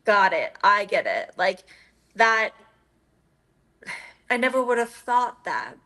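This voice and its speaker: Bright-toned earnest woman guest. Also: medium pitch, very animated, slow pace. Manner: earnest, many "like" fillers. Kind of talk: casual chat.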